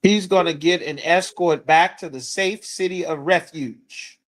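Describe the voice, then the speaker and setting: High-voiced, blunt male scripture teacher. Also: unhurried. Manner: blunt, forceful preaching with coarse language. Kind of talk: street-corner scripture teaching.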